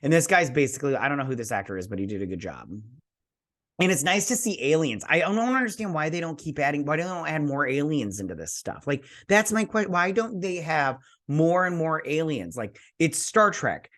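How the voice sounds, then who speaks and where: A man's voice: on the high side, very animated, a little fast, fairly bright tone. A man hosting a show, giving a casual spoken review of a TV episode in a rambling, chatty way, swearing now and then and briefly mimicking characters.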